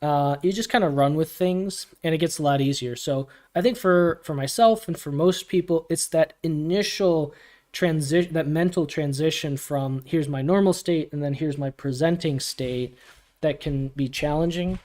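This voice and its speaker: A man hosting a community livestream Q&A, casual and relaxed, laughing often as he answers questions from chat. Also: fairly high pitch, moderate pace. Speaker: community AMA host.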